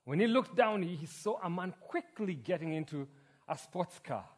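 A man pastor preaching a sermon, opening with a quiet prayer and then telling a joke story in an earnest manner. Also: sits high, lively intonation, moderate pace, breathy edge. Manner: earnest, storytelling, some restarts.

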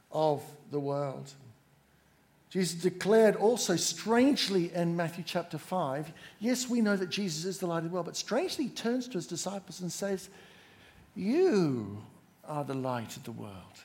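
A man preaching a sermon to a congregation, measured and emphatic, drawing the listeners in. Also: fairly high pitch, darkish tone.

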